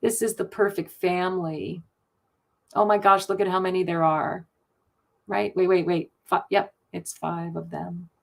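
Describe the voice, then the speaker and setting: A woman's voice: fairly low pitch, fairly even intonation, a little slow, creaky. A middle-aged woman hosting a live card reading stream, chatty and gushing, laughing often.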